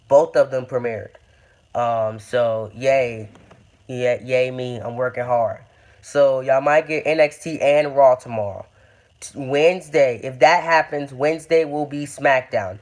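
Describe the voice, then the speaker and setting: A young man giving a rambling casual update on his video series, full of fillers and restarts. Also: medium pitch. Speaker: YouTube game-series creator.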